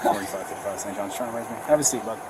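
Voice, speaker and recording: A man's voice: fairly low pitch, rapid-fire. A man working as a police deputy, talking casually on an outdoor street at night, picked up by his body camera. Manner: casual, offhand, retells events. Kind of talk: bodycam footage. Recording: loud street noise, bodycam mic.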